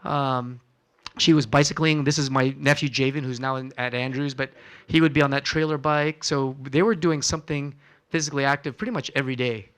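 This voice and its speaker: Quizzing listeners and role-playing his patient conversations, a doctor leads a wellness seminar with a chatty health talk in a church hall. He speaks briskly in a mid-range, fairly bright, clean voice.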